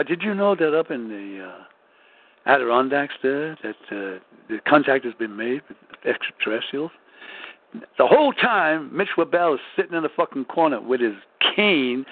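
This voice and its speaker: A man's voice: mid-range voice, no echo. A man rambling through a profane, casual story with lots of swearing and restarts. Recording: tinny phone-like audio.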